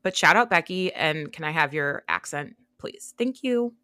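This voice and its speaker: A woman's voice: deep voice, lively intonation, pushed and bright, no room sound. A young American woman co-hosting a podcast, chatting casually and gushing with lots of "like" asides. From United States. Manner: gushing, filler-heavy, quick asides. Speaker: podcast co-host. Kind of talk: casual chat.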